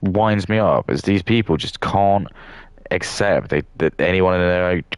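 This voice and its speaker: A man's voice: low voice, a little slow, clean tone, no echo. A young man with a southern English accent, rambling in a casual monologue full of fillers and restarts. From southern England. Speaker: streamer.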